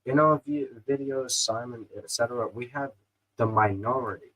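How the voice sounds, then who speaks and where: A man's voice: medium pitch, moderate pace, fairly bright tone, low-quality recording. A man, co-hosting a livestream chat and ranting about beer politics in an opinionated way. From England. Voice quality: opinionated, ranting, fillers like "you know". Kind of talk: casual chat over beers.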